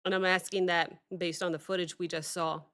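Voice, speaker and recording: A woman hosting a music reaction video, talking reflectively in a halting way with many pauses and fillers. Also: fairly low pitch, little pitch movement, a bit bright, clear, resonant tone. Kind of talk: casual reaction commentary.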